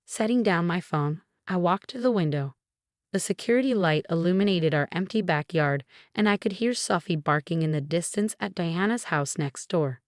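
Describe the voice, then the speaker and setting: A woman reads a first-person story aloud in a steady, measured voice. Her tone sits low, and the recording is dry, with no room sound. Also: no echo. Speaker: narrator.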